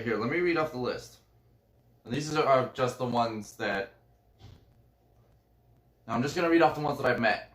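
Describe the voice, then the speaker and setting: A man's voice: medium pitch, fairly bright tone, reverberant. A man hosting a live stream from home, easygoing as he reads off a list of names. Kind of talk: casual live-stream chat.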